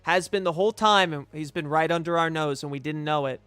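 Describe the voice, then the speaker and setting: Excitable high-voiced male streamer. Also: a little fast, clear, resonant tone, no echo, faint music behind. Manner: rambling, profane, excitable. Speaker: streamer and host. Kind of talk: casual live-stream reaction chat.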